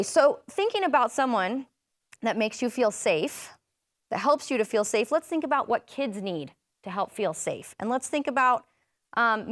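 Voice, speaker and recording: A woman's voice: mid-range voice, dry recording, studio quality. A woman presenting an interactive parenting workshop, chatting with the audience, asking questions and rephrasing their answers.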